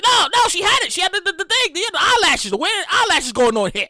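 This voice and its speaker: Animated high-voiced woman podcast host. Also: fast talker, hardly any pauses, no echo, clean studio sound. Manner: animated, profane, ranting storyteller. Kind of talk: casual solo podcast monologue.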